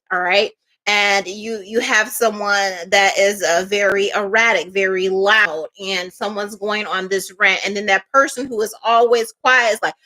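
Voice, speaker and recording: A woman's voice: medium pitch, fairly bright tone. A woman giving a casual tarot reading, talking in a loose, chatty storytelling way with many fillers and asides. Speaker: tarot reader.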